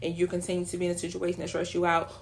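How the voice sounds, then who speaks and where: A woman's voice: fairly low pitch, racing, creaky, slight background noise. A middle-aged woman hosting a casual radio talk show, speaking in a motivational, preachy way and sometimes mocking other people's voices. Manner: animated, preachy, slips into mocking quoted voices.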